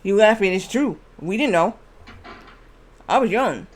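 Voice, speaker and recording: High-voiced man telling a rambling story. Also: animated, unhurried. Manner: rambling, repetitive anecdote telling with restarts. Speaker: streamer. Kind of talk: casual storytelling on a live stream.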